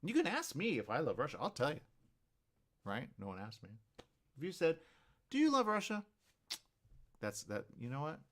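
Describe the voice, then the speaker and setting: Here a man with a medium-pitched voice hosts a live talk show, moving briskly yet dropping long pauses. Animated and rambling, he performs both halves of imaginary conversations and keeps asking "right?"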